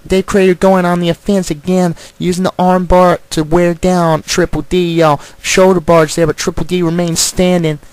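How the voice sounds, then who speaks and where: A man's voice: high-pitched, flat delivery, moderate pace, few pauses, darkish tone, clean tone, no echo, voice pushed up, lightly acted, low-quality recording. A man voicing a brash young male wrestler who guest-commentates on a video game match, adding "y'all" to nearly every phrase. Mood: hyped.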